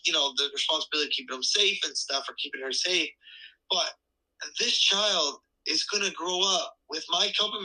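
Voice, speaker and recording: A man on a podcast with a very bright, forceful tone and a husky edge. He talks casually and earnestly, and now and then turns to playful lecturing. His voice sits a little high for a man. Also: low-quality recording. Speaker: podcast co-host.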